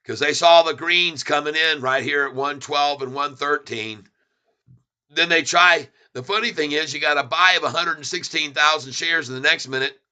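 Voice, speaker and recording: A middle-aged man with a smooth, slightly high voice talks at normal speed, folksily hyping a stock chart. He addresses viewers as folks and repeats himself for emphasis.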